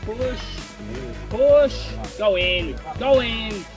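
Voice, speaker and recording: A man's voice: very high-pitched, drawn-out words, over music. A man on an outdoor disc golf course, calling out encouragement at a disc in flight.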